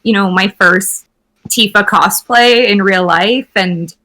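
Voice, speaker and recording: A woman's voice: mid-range voice, takes it slowly, bright, forceful tone. A young woman chatting as a guest on a casual podcast, laughing easily and poking fun at herself. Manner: laughs easily, self-deprecating. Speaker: guest actress.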